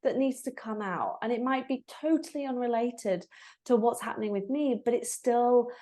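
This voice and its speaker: A woman, a guest on a podcast, talking about emotions in a warm, animated way, often saying "like" and "you know". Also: on the high side, normal speed. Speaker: guest, breathwork facilitator. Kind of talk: casual interview chat.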